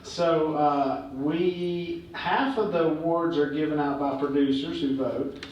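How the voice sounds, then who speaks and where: A man, a guest speaker, telling stories to a live audience in a relaxed way with many fillers. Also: fairly high pitch, slow pace, lo-fi sound. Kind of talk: on-stage storytelling. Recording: echoey hall, heard from a distance, faint noise.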